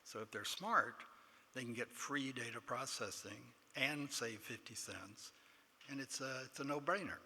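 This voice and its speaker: A man's voice: medium pitch, measured pace, sharp tone, breathy edge. An older man with a Texan accent giving an award acceptance speech, telling a self-deprecating story and quoting others in dialogue. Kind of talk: anecdotal speech. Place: large banquet hall. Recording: long hall reverb, faint room noise.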